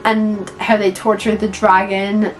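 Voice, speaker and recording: Young woman, casual film-review chatter, mid-pitched voice, light music underneath. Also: flat delivery, unhurried, low-quality recording. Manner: chatty, filler-heavy, swears freely. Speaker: vlogger reviewing films. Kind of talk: casual tier-list commentary.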